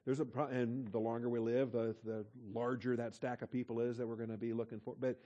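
A man's voice: mid-range voice, level tone, fairly quick, hardly any pauses, warm tone, highs cut off. A man preaching a conversational sermon, reading scripture aloud and explaining it. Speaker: pastor.

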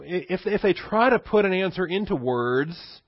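A man's voice: sits high, animated, moderate pace, few pauses, slightly rough, no room sound, dull audio. A male pastor preaching a sermon in a conversational teaching manner, asking rhetorical questions and chuckling.

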